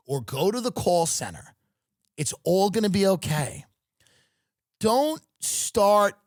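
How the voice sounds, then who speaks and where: A man's voice: fairly high pitch, no echo, studio quality. A man hosting a podcast, delivering a sarcastic comedic rant. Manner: sarcastic, ranting. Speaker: podcast host.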